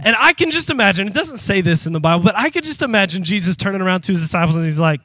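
A man preaching in church with a high, bright, ringing voice. He preaches with animated call-and-response, pressing each point and rising into shouts. The sound is close and dry, with little room around it. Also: rapid-fire, hardly any pauses, no room sound. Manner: emphatic, breaks into shouting. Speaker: pastor. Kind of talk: sermon. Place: church sanctuary with congregation.

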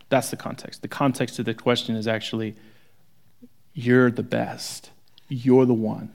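A man preaching a sermon, shifting from hushed, intimate moments to forceful, rising emphasis. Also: medium pitch, little pitch movement, moderate pace, creaky, pauses often. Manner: dramatic, swings from hushed to forceful. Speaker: pastor.

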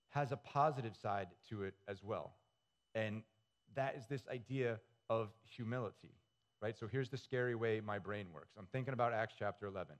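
Male lead pastor, relaxed and conversational sermon delivery. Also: medium pitch. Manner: conversational, asks the audience questions.

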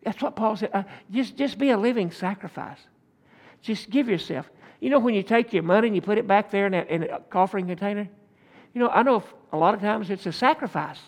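A man preaches, his voice sitting notably high for a man. He spins homespun stories into his sermon and draws amens from the congregation as he goes. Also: brisk. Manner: preaching with folksy stories and call-and-response. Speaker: pastor.

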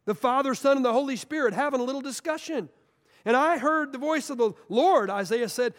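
A man preaching a sermon as guest speaker, impassioned and dramatic, swinging between loud outbursts and hushed words, often repeating words as he builds. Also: very high voice, brisk, big-room sound.

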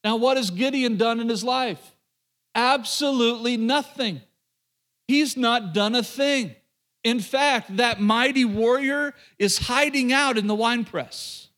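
High-voiced male preacher telling a story. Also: slow. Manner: animated, conversational, addresses listeners directly. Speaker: pastor. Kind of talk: sermon storytelling.

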